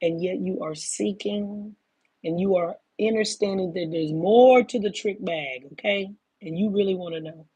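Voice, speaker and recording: A woman's voice: mid-range voice, moderate pace, dark tone, breathy edge, no room sound. A woman in her fifties giving a casual spiritual monologue, emphatic and profane, often calling listeners "baby.". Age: 50s. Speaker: spiritual talk host.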